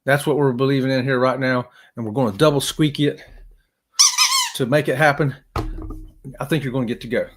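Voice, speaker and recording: A man's voice: mid-range voice, steady tone, a little fast, long pauses, background noise. A man hosting a live stream, chatting casually with viewers in an upbeat, joking, folksy way. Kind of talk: casual chat reading viewer comments.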